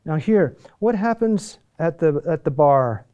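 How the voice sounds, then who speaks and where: Man teaching chant, halting and mellow. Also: a little high, expressive, highs cut off. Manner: halting, many fillers and restarts, asks "huh?". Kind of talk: lecture on chant rhythm.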